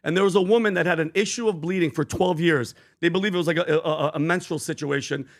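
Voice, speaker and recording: High-voiced man preaching on a podcast. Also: fast. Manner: preachy, retells scripture with emphasis. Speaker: podcast co-host. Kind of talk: casual panel chat.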